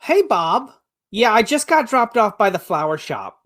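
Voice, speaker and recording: Chirpy young sleuth girl, a bit husky, voice bouncing all over, a guy doing her. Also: sits high, very animated, a little slow, fairly bright tone, voice pushed up, exaggerated voice. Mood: chipper. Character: nerdy young woman sleuth, chipper.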